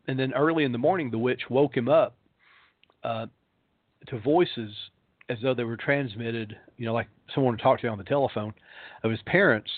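Man, pastor telling ghost lore, lots of uhs, mid pitch, tinny phone sound. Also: dry recording. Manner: rambling, many ums and uhs. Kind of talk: storytelling on a talk show.

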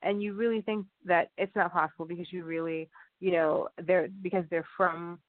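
A man's voice: high-pitched, fairly even intonation, normal speed, no echo. A man talking in a rambling casual monologue, often repeating himself and restarting sentences. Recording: tinny phone-like sound, dry.

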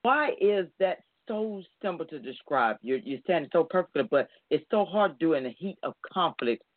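A man's voice: a little high, very animated, normal speed, dry recording. A man hosting an interview, asking curious, conversational questions and stumbling a little at the start of phrases. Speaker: interviewer, host. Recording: dry phone-like line.

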